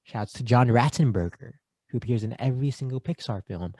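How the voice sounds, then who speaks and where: A man co-hosting a casual movie podcast, joking and rattling off shout-outs. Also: medium pitch, brisk, no echo. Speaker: podcast co-host. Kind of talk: casual chat.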